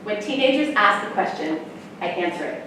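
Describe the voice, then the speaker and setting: A woman, a sex educator, giving a chatty, animated talk to parents and often laughing. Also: medium pitch, brisk, noisy background. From United States. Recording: echoey room, mic far off, faint ambience.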